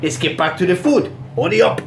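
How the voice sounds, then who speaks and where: Boisterous dad hosting a kitchen show. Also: male voice, sits high, very animated, fairly quick, slight background noise. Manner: boisterous, bursts into exaggerated shouted catchphrases. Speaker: home cooking show host and dad. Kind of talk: playful home cooking video with his kids. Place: home kitchen, indoors.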